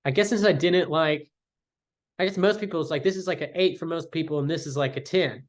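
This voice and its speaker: A man's voice: on the high side, brisk. A young man ranking his favorite albums in casual chat, enthusiastic and rambling, slangy and full of fillers.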